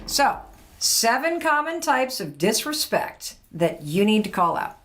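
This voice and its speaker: A woman's voice: on the high side, sing-song, measured pace, fairly bright tone. A woman hosting a podcast, giving direct, emphatic motivational advice and acting out what partners say. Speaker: podcast host.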